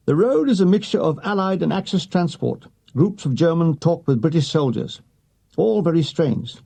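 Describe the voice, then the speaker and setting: Male memoir reader, gravelly and husky, mellow tone, dry comic timing. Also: on the high side, lively intonation, normal speed. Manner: dry comic delivery with voiced quotes. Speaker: audiobook reader. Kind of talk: reading a wartime memoir aloud.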